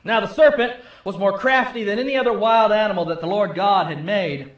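A male pastor preaching a sermon, telling the story with swings from loud to hushed. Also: sits high, a little fast, echoey room.

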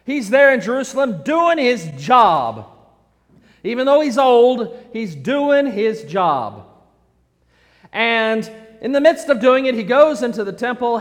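A male preacher giving a sermon with humorous asides, playfully acting out the characters. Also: high-pitched. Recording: echoey hall.

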